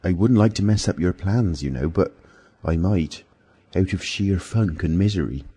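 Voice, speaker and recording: A man's voice: sits low, expressive, moderate pace, dark tone, husky, heavily acted. A man voicing a cowardly middle-aged tramp who pleads and complains in a self-pitying way in an audiobook. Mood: whining. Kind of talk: audiobook character voice.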